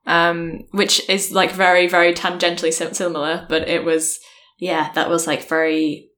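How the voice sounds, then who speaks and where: A woman's voice: fairly low pitch, level tone, normal speed, a bit bright. A woman co-hosting a book podcast, chatting casually as a guest, with many ums and restarts.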